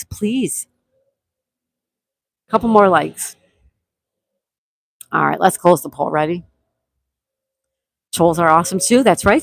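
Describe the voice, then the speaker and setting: A woman's voice: lowish voice, no echo. A woman from the United States hosting a casual live stream, chatting and reading viewer comments aloud in an upbeat way. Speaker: livestream host.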